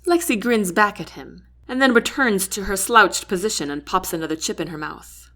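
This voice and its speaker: A woman narrating a first-person novel aloud, giving each character a voice of their own. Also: normal speed. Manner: lively, shifts pitch and loudness for each character. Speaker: audiobook reader.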